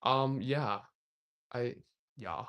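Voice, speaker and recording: A man's voice: mid-range voice, extremely slow, clear, resonant tone, dull audio. A young man from Australia, casually chatting on a livestream, rambling and reading viewer comments aloud with frequent laughs. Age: young adult. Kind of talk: casual live-stream chat.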